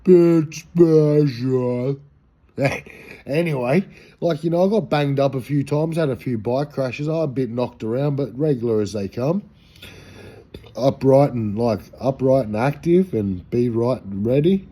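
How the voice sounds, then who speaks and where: A man's voice: medium pitch, moderate pace, warm tone, slightly rough. An Australian man telling a rambling, slangy, profane anecdote in a casual way. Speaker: storyteller.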